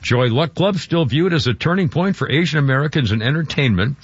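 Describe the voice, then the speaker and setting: A man's voice: fairly high pitch, expressive, a little fast, slightly rough, no echo. A man hosting a radio talk show, rambling and chuckling through casual chat. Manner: rambling, chuckling, self-interrupting. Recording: dull radio broadcast sound.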